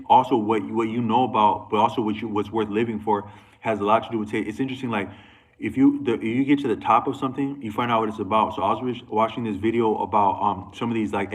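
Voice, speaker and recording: A man's voice: fairly low pitch, poor audio. A man talking to camera in a loose, rambling monologue, restarting sentences and going off on asides. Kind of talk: casual monologue.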